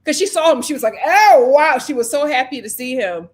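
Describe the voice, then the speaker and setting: A high-pitched woman talks loosely through a live reality show review. She is chatty and opinionated, slipping into quick impressions of the cast as she goes. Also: expressive. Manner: chatty, opinionated, acts out cast members' lines.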